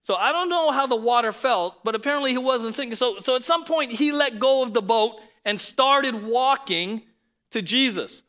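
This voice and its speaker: A man preaching a sermon in an animated, conversational way, often asking rhetorical questions. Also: very high voice, normal speed. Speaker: pastor.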